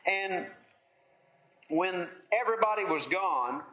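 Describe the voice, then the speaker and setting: A man preaching a sermon in an earnest, measured way, pausing often as he leads a Bible study. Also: sits high, animated, bright, forceful tone, roomy sound, slight background noise.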